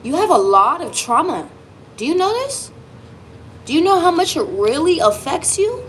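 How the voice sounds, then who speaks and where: A woman's voice: very high voice, moderate pace, a little hiss or hum, low-quality recording. A woman giving a tarot reading straight to her viewer, emphatic and reassuring, swearing casually as she goes. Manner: lively, emphatic, swearing, speaks directly to the viewer. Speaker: tarot reader.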